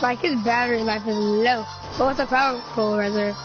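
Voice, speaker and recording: A woman's voice: a little high, steady tone, brisk, music in the background. A woman casually improvising her side of a roleplay fight, with lots of fillers. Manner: casual, filler-heavy narration of fight moves. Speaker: roleplay player. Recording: muffled lo-fi recording with noise.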